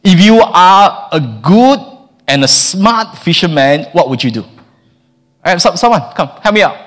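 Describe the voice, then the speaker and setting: Animated male preacher, lively higher voice. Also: measured pace. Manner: lively, stammers and repeats words, acts out quotes. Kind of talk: sermon.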